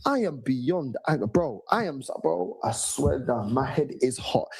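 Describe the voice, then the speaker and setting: An irate man vents about his football club in a raspy, breathy voice. His pitch swings wildly as he stammers, swears and mocks. It is a casual heated rant. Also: sing-song, measured pace, darkish tone, no echo. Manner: angry, profane, stammering, mocking impressions. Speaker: football fan ranting on a panel.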